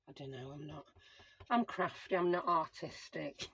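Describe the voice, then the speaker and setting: In casual crafting commentary, a middle-aged host talks to herself as she works, chatting through each step of her project. Her low-pitched, husky voice is a bit bright, unhurried, and often paused. The recording is rough, though there's no echo.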